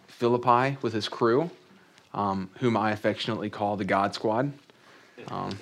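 A man preaching a sermon in a conversational way, reading scripture aloud and adding joking asides. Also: fairly low pitch. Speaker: pastor.

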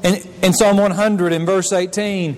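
A man with a very high voice preaches to his congregation, speaking in a casual, conversational way and often doubling back on his words. His voice rings out with a long reverb, as though he is in a big church sanctuary. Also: flat delivery, unhurried, slight background noise. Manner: conversational preaching with frequent restarts and repetitions. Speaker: pastor. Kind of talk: sermon. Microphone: handheld or stand mic. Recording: long reverb of a large hall.

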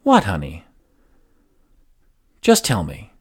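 A man voicing a gentle, caring middle-aged mother in a spoken personal story, soft and calm. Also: a bass voice, takes it slowly, slightly rough, heavily acted.

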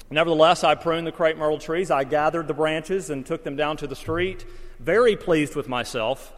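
Male pastor, slightly raised pitch, folksy and self-deprecating, long church-hall reverb. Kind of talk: sermon.

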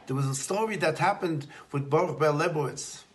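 A man, a rabbi, giving a Torah talk on prayer and telling stories, slowing down to stress key points. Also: fairly high pitch. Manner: storytelling, slows for emphasis.

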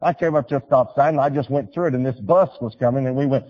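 Husky guy preaching a sermon, loud then soft, kinda muffled lo-fi sound. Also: on the high side, fast talker, hardly any pauses, in a large hall. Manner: storytelling preacher, swings from loud urging to quiet pleading. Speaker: pastor.

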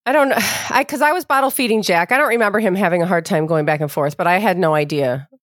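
A young adult woman hosts a casual chat and tells her own story, acting out remembered exchanges in a lively way. She trails off into frequent ums. Her voice is lowish and the sound is close and dry. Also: fast talker, dry recording. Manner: animated, acts out remembered exchanges, hesitant fillers. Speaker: podcast host.

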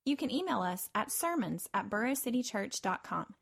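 A woman's voice: fairly high pitch, sing-song, normal speed, creaky, breathy edge. A woman reading a polite, scripted podcast announcement.

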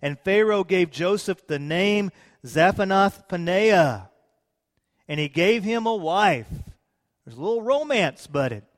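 A man preaching a sermon, retelling scripture with lively, playful asides to his congregation. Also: high-pitched, takes it slowly, long reverb tail. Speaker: pastor.

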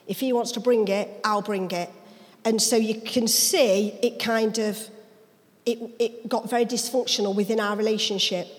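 A woman tells her own life story as an interview guest, acting out the people in it. She is a pastor, and her voice sits a little high. She is recorded in a church, with a long reverb around her. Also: moderate pace. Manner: lively dialect storyteller, acts out voices. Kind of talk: personal testimony storytelling.

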